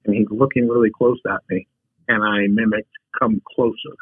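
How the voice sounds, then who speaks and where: A low-voiced man with a husky edge tells humorous stories at an unhurried pace. The sound is dry and tinny, like a phone line, with no room around it. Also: lively intonation, no echo. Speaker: podcast guest. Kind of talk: casual storytelling.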